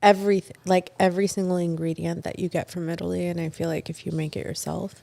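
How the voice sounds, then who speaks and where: Blunt woman with a low, mellow voice. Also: flat delivery, fast talker, creaky. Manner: blunt and outspoken. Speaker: podcast guest. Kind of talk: casual chat.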